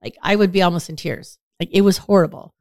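Woman on a podcast telling stories, kinda low voice, acts out the quotes, dry close sound. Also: fast talker, dry recording. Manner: lively storyteller, acts out quotes with big pitch jumps. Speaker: podcast co-host. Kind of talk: casual chat.

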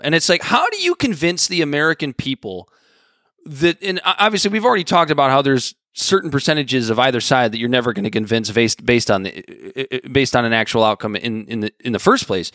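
Bright-voiced man in halting casual talk. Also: mid-range voice, expressive, no room sound, clean studio sound. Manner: halting, many restarts and fillers. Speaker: podcast co-host. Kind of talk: casual political chat.

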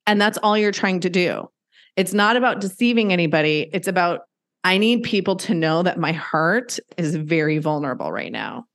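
A woman's voice: lowish voice, normal speed. A middle-aged woman telling a personal story in candid conversation, earnest and emphatic, acting out what people said. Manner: earnest, emphatic, acts out quotes. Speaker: guest sharing pet loss story.

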